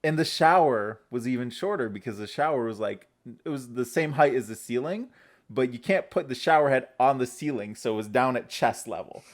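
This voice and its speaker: A man co-hosting a podcast in casual chat, his voice raspy and hoarse from fasting, telling stories with bursts of laughter. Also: medium pitch. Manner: animated storyteller, laughs mid-sentence. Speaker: podcast co-host.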